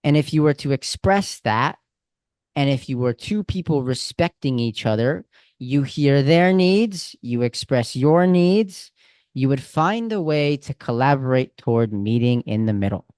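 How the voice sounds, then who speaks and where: Male coach, casual and animated, mid-pitched, dry close sound. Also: measured pace, clean tone, no echo. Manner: casual, animated, talks with friendly slang. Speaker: communication coach. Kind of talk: coaching over a call.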